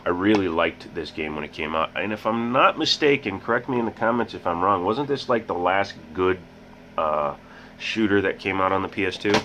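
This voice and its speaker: Low-voiced man chatting casually. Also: normal speed. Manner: rambling, self-mocking, joking asides. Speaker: host. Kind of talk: casual game collection vlog. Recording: muffled with loud background hiss.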